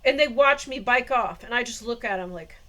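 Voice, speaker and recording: A woman with a noticeably high voice talks straight to camera in a loose, casual monologue. She rambles and circles back, retelling the same moments and laughing as she goes. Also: brisk, sharp tone. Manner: rambling, meandering, laughs often. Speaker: vlogger.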